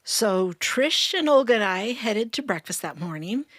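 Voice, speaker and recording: A middle-aged woman telling her story in a casual chat, earnest and warm, laughing often. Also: mid-range voice, lively intonation, unhurried, dry recording, studio quality. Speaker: storyteller guest.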